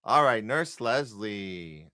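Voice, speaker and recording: Rambling male podcast host, crisp tone. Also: lowish voice, expressive, slow, sharp tone, no echo, studio quality. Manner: rambling, encouraging, many restarts. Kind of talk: casual podcast chat.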